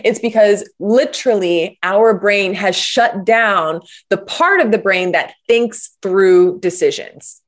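A woman guest in a conversation, telling stories and explaining ideas with animated enthusiasm. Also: medium pitch, slow. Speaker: guest, parenting coach. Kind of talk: conversational interview.

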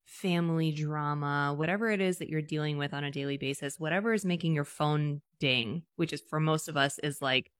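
Low-voiced candid woman podcast host. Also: brisk, hardly any pauses, smooth, no room sound, clean studio sound. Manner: candid, chatty, with casual swearing. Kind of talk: casual interview conversation.

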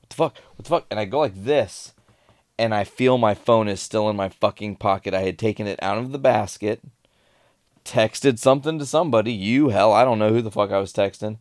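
A man's voice: fairly low pitch, brisk, no room sound, clean studio sound. A man in casual chat, telling stories with a lot of swearing and laughter. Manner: swearing, animated storyteller with laughs.

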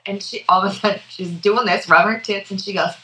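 A woman co-hosting a relaxed podcast, spinning a family story in loose, profane chat. Her voice is bright and forward, and she keeps pulling her listener in as she talks. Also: mid-range voice, fast, low-quality recording. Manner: profane, animated storyteller who laughs often. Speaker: podcast co-host.

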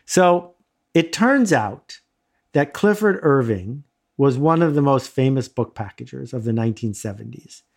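Animated man telling a funny story. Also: mid-range voice. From United States. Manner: animated, self-deprecating, laughs often. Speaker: guest telling a personal story. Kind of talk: casual anecdote, conversational storytelling.

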